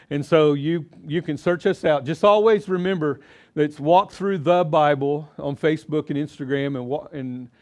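A middle-aged man teaching a Bible seminar to a live audience, chatty and quizzing them as he goes. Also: a little high. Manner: chatty, asks audience questions, acts out quotes.

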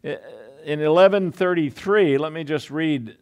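Smooth-voiced man preaching a relaxed sermon. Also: a little high, a little slow. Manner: conversational, with frequent asides and restarts.

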